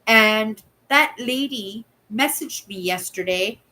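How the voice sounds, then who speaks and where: A woman's voice: fairly high pitch, slow, sharp tone, soft background music, low-quality recording. A woman, chatting casually as a channel host and telling stories with a running "right?". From Canada. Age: 60s. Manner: chatty storyteller, keeps asking "right?"; acts out voices in quoted dialogue. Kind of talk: casual live chat.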